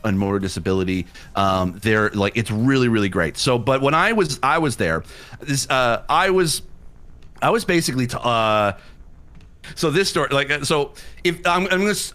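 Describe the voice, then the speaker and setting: A man hosting a livestream, telling a personal story in a casual way and acting out his own excited reactions. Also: medium pitch. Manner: animated retelling that acts out his own past reactions. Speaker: livestream host.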